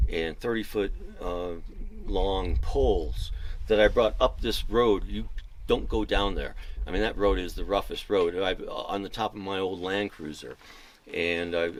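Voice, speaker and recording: Deep-voiced man telling rambling stories. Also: slight background noise, rough recording. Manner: rambling, digressive anecdotes with self-corrections; wry, self-mocking humor. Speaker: former fire lookout, interviewee. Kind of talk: oral history interview storytelling. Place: at a mountain fire lookout.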